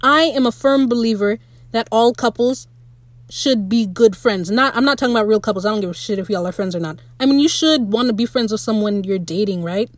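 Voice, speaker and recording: A woman giving a casual, opinionated recap of a TV episode, animated and swearing freely, speaking straight to the writers. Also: a little high, dry recording. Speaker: show recap podcaster.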